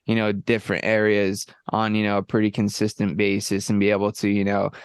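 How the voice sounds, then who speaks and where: A man co-hosting a podcast in a laid-back, casual chat, high on edibles, peppering his talk with "bro" and "you know what I mean". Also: monotone, brisk, clean tone, no room sound. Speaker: podcast co-host.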